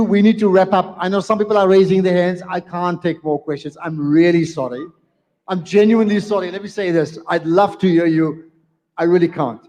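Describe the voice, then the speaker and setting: A man's voice: sits high, darkish tone. A man moderating a live debate, talking emphatically and repeating phrases to hold the room. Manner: emphatic, repeats phrases, firm but apologetic. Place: community centre hall, live event. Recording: long hall reverb.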